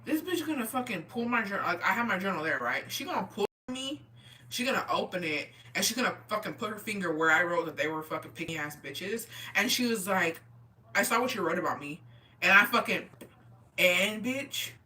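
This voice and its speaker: A woman streamer chatting casually with her viewers, telling profane, animated stories and reacting to chat. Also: mid-range voice, a little fast, recorded from a distance.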